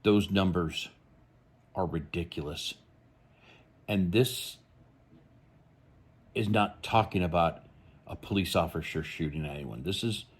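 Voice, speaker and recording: A man's voice: low voice, husky. A man hosting a true crime channel, giving blunt, rambling, opinionated commentary.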